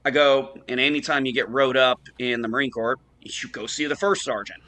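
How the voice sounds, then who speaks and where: A man on a casual online talk show, telling lively anecdotes, acting out the people he quotes and swearing freely. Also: mid-range voice, a little fast. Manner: animated anecdote teller, acts out quoted voices, swears casually. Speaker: show co-host. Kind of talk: casual storytelling chat.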